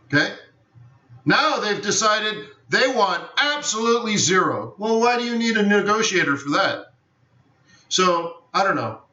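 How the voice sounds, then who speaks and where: A man's voice: a little high, pushed and bright. A man hosting a live forex trading stream, chatting loosely and often saying he doesn't know. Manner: rambling, repeats "I don't know". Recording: roomy, distant, dull lo-fi sound.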